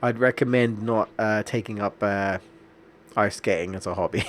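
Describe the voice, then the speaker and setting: A man's voice: fairly low pitch, steady tone, moderate pace, a little hiss or hum. A young man, streaming a video game and telling a long rambling story with lots of restarts. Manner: rambling, anecdotal, many restarts and fillers. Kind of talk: casual gameplay commentary.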